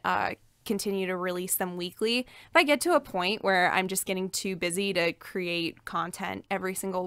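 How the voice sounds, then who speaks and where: Bright-voiced woman, energetic podcast guest. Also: medium pitch, smooth, no room sound, studio quality. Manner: energetic, laughs easily. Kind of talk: casual chat.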